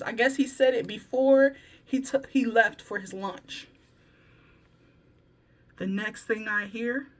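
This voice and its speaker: Woman vlogger w a high bright voice, slangy animated storytelling. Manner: animated, slangy, acts out quoted dialogue. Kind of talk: casual storytelling.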